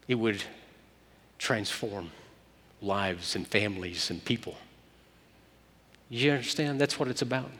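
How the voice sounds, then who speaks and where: A man preaching a sermon, moving between loud emphatic peaks and hushed quiet passages. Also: lowish voice, measured pace, pauses often. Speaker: pastor. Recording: long hall reverb.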